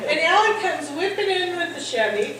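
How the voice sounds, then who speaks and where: High-voiced woman telling a story in a hall. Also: moderate pace. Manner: animated, acts out the men's shouting in a higher voice. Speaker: storyteller at a party. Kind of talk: live comic storytelling. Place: hall at a holiday party. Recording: echoey hall, mic at a distance, audience noise.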